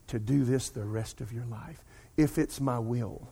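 Husky pastor preaching. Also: male voice, medium pitch, a little slow, few pauses. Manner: animated storytelling, addresses congregation as "y'all". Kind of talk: sermon with personal story.

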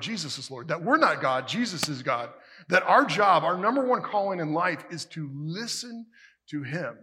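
A male pastor preaching a sermon emphatically, building to forceful peaks and dropping to hushed line endings. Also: on the high side, slightly rough. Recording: long reverb of a large hall.

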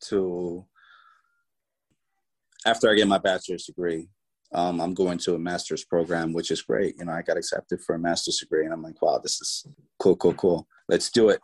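Low-voiced man telling a story. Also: low-quality recording. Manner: animated storyteller, voices people in his story. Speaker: guest. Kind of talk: storytelling interview.

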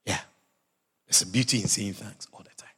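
A male pastor preaching a sermon and telling personal stories, swinging from loud exclamations to low murmurs. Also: normal speed, breathy edge. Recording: long hall reverb.

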